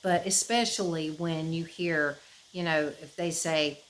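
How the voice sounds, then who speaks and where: A woman from the United States, chatting casually to camera as a vlogger, rambling and expressive, with many fillers and restarts. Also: low voice, measured pace, slight background noise, low-quality recording. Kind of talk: casual chat.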